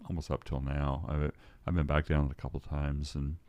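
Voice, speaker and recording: A man's voice: very deep voice, level tone, normal speed, darkish tone, no room sound. An older man telling a story as a podcast guest, rambling and restarting his sentences. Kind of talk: storytelling in casual conversation.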